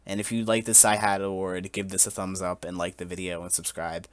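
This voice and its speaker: A young man in his twenties hosting a casual podcast, telling a mock-solemn story in a halting way, full of restarts and giggles. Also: low-pitched, little pitch movement, no echo, clean studio sound. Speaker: podcast host.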